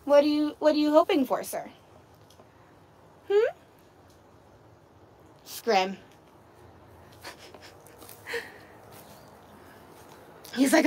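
A woman's voice: sits high, big pitch swings, very slow, long pauses, slight background noise. A woman hosting a casual livestream outdoors among her goats, talking into a phone on a selfie stick, cooing baby talk to the animals and laughing often. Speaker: livestream host on a goat farm.

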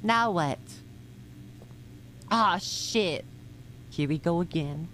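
Excitable woman streamer, slow talk. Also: lowish voice, slight background noise. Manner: excitable, swearing, frequent laughter. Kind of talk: live gameplay commentary.

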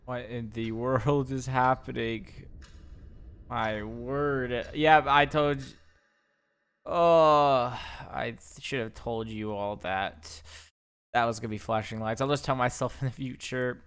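A man's voice: medium pitch, steady tone, measured pace, a bit bright, clean tone. A young man playing a video game, reading the on-screen questions aloud and reacting with exclamations. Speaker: gaming YouTuber. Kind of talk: let's play commentary.

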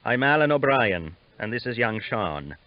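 A man's voice: medium pitch, sing-song, normal speed, natural voice. A man voicing a bald, jolly older Irishman with an Irish accent, genial and wry, on a dull lo-fi recording.

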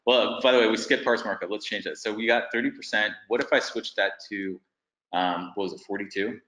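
A man's voice: lowish voice, steady tone, a little fast, bright, forceful tone, echoey room, low-quality recording. A man presenting a business webinar, thinking aloud as he walks through figures on screen.

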